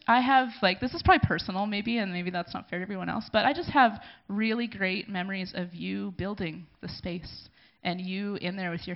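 At a gathering in a room, a female church community leader with a mid-range, gravelly, creaky voice gives an emotional thank-you speech. She speaks haltingly, pausing to collect herself, and the recording sounds dull and lo-fi.

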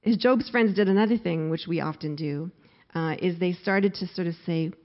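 A woman's voice: mid-range voice, expressive, moderate pace. A middle-aged woman preaching a sermon, acting out quoted laments with rising force. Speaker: pastor. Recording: slightly dull lo-fi recording.

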